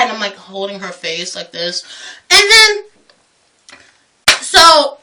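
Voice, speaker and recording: A young woman telling a story as a vlogger, cursing freely and swinging between loud bursts and hushed asides. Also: mid-range voice, big pitch swings, slow, long pauses, distant mic, background noise. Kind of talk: casual storytelling rant.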